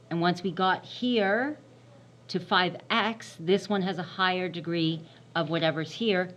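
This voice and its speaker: A woman's voice: low voice, fairly bright tone, a little hiss or hum. A woman teaching a math lesson, repeating and stressing key terms and often checking in with "right?". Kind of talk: recorded classroom math lesson.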